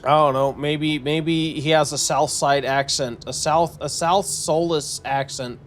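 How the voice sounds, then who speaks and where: A man's voice: a little high, fairly even intonation, measured pace, slight background noise. A man streaming a video game, commenting casually and thinking aloud with lots of restarts and fillers.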